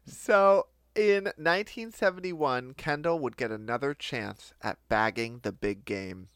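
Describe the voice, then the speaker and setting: A man's voice: medium pitch, measured pace, fairly bright tone, smooth, no echo. A man co-hosting a comedic podcast, telling a history story with lots of laughter and silly quoted voices. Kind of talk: casual comedic podcast chat.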